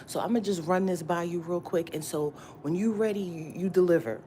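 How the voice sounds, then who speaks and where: A woman's voice: fairly low pitch, fairly quick, mellow, slight background noise. A woman tarot reader giving a casual morning pep talk to her viewers, slangy and profane, repeating herself for emphasis. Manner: repetitive and emphatic, often asking "you get what I'm saying?".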